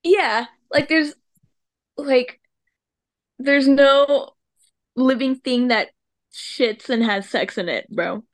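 A woman with a high voice, a guest on a relaxed podcast. She talks in a laid-back way and mocks other people by acting out their lines. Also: takes it slowly, long pauses. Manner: laid-back, acts out quoted people in a mocking tone. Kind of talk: casual chat.

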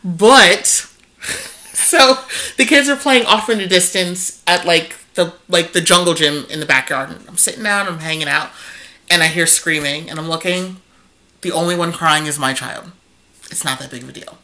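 A woman's voice: lowish voice, normal speed, bright, forceful tone. A woman co-hosting a podcast in casual chat, telling anecdotes and acting out what people said. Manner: chatty anecdotal storyteller, acting out quotes. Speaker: podcast co-host.

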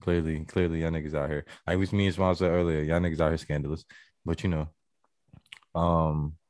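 A man's voice: a bass voice, level tone, a little fast, a little mellow, dry recording, studio quality. A man co-hosting a casual chat, laid-back and rambling. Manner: laid-back, rambling, laughs between thoughts.

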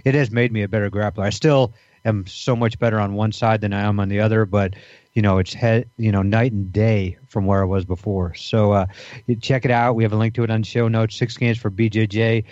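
A man's voice: fairly low pitch, steady tone, a little fast, darkish tone, no echo, dull audio. A man co-hosting a podcast in casual banter, rambling with many fillers and restarts. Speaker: podcast co-host.

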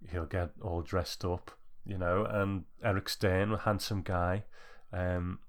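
A man with a very low, deep voice co-hosts a film podcast. He recaps the plot in a relaxed, rambling way, with plenty of fillers. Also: slow. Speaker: podcast co-host. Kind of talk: casual film review chat.

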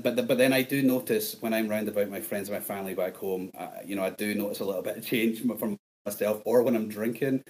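A man with an East Scottish accent, a podcast guest chatting casually over a remote call, quick and self-deprecating. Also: fairly low pitch, a little mellow, poor audio. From Scotland.

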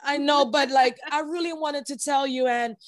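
A woman's voice: high-pitched, steady tone, normal speed, no room sound. A woman hosting a podcast in casual chat, effusive and openly emotional, repeating words for emphasis. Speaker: podcast host.

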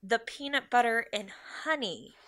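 Woman, young adult, podcast co-host, bright voice, earnest, reflective. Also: fairly high pitch, lively intonation, normal speed. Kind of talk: casual podcast chat.

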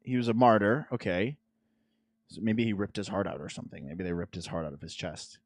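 A man's voice: fairly low pitch, expressive, fairly quick, no room sound, clean studio sound. A man hosting a podcast, ranting sarcastically in casual chat. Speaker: podcast host.

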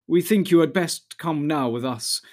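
A man voicing an ancient noble male elf leader who speaks slowly and solemnly. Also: a little high, darkish tone, close to an everyday voice. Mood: stately. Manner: slow, stately, solemn speech.

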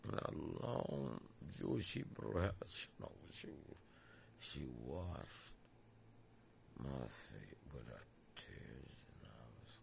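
A man talking in a rambling monologue that drifts between topics, swinging from loud outbursts to low mutters. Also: sing-song, slow pace, vocal fry, a little hiss or hum.

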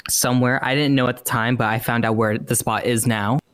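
Male player as a matter-of-fact burger joint worker; smooth, dry. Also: mid-range voice, fairly even intonation, brisk, a bit bright, dry recording, close to an everyday voice. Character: kidnapped fast-food worker, matter-of-fact. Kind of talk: in-character game role-play interview.

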